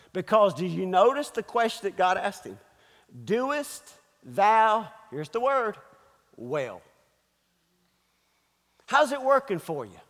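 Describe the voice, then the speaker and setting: A man's voice: high-pitched, pushed and bright, long reverb tail. A man preaching a sermon as pastor, firing off emphatic rhetorical questions. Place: church.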